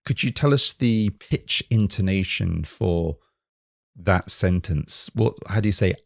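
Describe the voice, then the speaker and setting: A man's voice: low voice, measured pace, gravelly, no echo, studio quality. A man co-hosting a Japanese lesson podcast, asking questions and repeating phrases after the teacher. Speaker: co-host learning Japanese.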